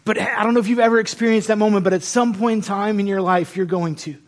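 Animated high-voiced preacher man. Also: fast talker. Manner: animated, conversational, self-deprecating humor. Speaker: pastor. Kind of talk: sermon.

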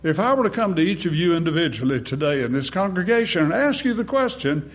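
A man preaching a sermon in a dramatic, rhetorical manner, swinging between booming emphasis and hushed, quiet phrases. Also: very animated, fast talker, few pauses. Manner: rhetorical, acts out congregation replies. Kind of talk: sermon with opening prayer.

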